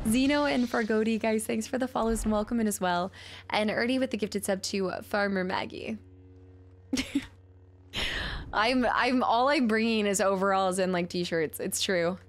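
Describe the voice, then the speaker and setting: Woman streamer gabbing with chat mid-game, excitable, jumps topic to topic. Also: medium pitch, a little hiss or hum. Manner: chatty, excitable, jumps between chat and gameplay. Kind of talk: live-stream chat while playing.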